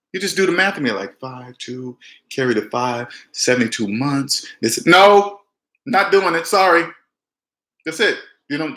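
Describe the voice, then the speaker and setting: Animated man giving money advice. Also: echoey room. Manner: animated, emphatic, jumps in pitch when mimicking people. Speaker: personal finance vlogger. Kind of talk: direct-to-camera advice talk.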